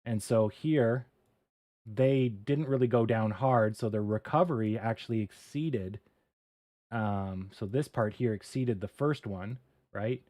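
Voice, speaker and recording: A man's voice: lowish voice, unhurried. A man hosting a casual livestream, talking things through as he works and swearing lightly at his own slips. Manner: relaxed, muttering, swears and laughs at his own mistakes. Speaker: livestream host. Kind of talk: casual livestream chat while coding and reading charts.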